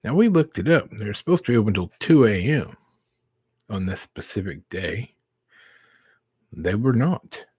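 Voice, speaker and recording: A middle-aged man hosting a live stream, telling a casual story slowly and acting out the dialogue. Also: fairly low pitch, big pitch swings, darkish tone, breathy edge, no echo. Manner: slow, drawn-out storyteller who acts out quoted dialogue.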